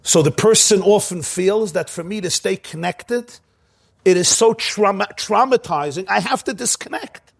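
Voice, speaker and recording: Brief: male preacher, slightly high voice, passionate and repetitive sermon delivery.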